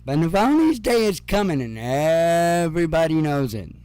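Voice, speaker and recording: A man's voice: fairly high pitch, very animated, normal speed, darkish tone, smooth, no room sound. A man hosting casual news commentary, sarcastic and profane, with chuckling asides.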